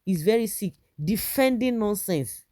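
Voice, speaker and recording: A woman's voice: medium pitch, expressive, a little slow, dark tone. Indignant Nigerian woman commentator. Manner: indignant, rhetorical questions, frequent restarts. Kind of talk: opinionated political commentary.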